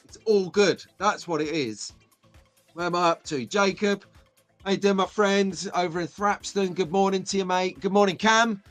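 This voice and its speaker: A chatty, excitable middle-aged Briton hosts a casual live stream, welcoming viewers one at a time. His voice is fairly high for a man, he speaks at a moderate pace, and faint music runs underneath.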